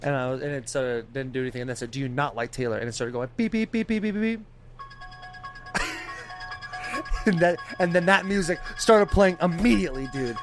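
A young man in casual group chat, telling a story with animated delivery, imitating beeps and other people's voices, and swearing freely. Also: mid-range voice, quick pace, few pauses, soft background music. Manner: animated storytelling, mimics beeping and quoted voices.

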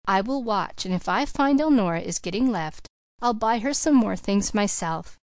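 Composed, kindly mentor woman, measured and gentle, read by a woman. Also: mid-range voice, animated, no echo, lightly acted. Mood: reassuring.

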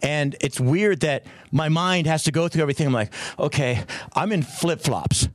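A man hosting a morning radio show, telling a story in a lively, self-mocking way and jumping into high voices for quotes. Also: normal speed, no echo. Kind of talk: animated storytelling on air.

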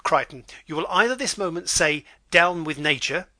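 A man's voice: a little high, expressive, normal speed, pushed and bright, no room sound. A man playing a pompous aristocratic lord and father in an amateur drama reading. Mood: blustering.

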